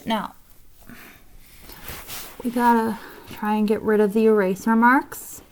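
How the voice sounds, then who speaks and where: A woman giving a casual drawing tutorial, rambling with fillers and soft asides. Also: fairly high pitch, flat delivery, takes it slowly, slight background noise.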